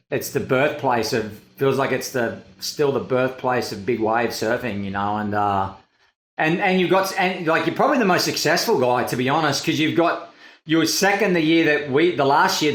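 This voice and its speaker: A man's voice: mid-range voice, fairly bright tone. A man hosting a casual surf podcast, laid-back and reflective, swearing casually as he talks. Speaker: podcast host, big-wave surfer. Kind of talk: casual conversational interview. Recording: roomy echo.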